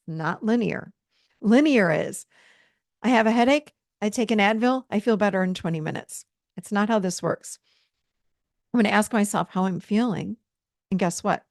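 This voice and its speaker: Encouraging woman with a gravelly edge. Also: medium pitch, dry recording, studio quality. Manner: warm, encouraging, repeats phrases for emphasis. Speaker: coach and course host. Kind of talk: teaching a self-help course.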